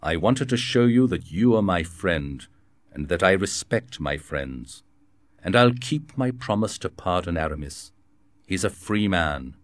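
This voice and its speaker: A man's voice: sits low, expressive, unhurried, no room sound, clean studio sound. A man reading the part of a commanding young French king in a formal, authoritative way. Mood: firm. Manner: firm, formal, authoritative delivery.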